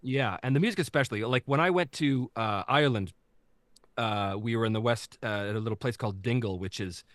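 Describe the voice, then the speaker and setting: A man talking as a guest storyteller and game master in a casual interview, animated and acting out voices as he tells stories. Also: medium pitch, brisk, dry recording.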